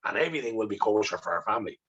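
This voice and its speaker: A man's voice: on the low side, lively intonation, very fast, highs cut off. An Irish man, a guest in an interview, tells a personal story with intensity, swearing freely and acting out remembered dialogue. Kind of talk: candid conversational storytelling.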